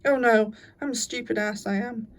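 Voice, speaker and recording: A woman's voice: a little high, fairly even intonation, moderate pace, far from the mic, close to an everyday voice. A woman voicing a boastful, conceited male toad in a storybook reading, bragging and puffing himself up. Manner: swaggering, puffed-up bragging.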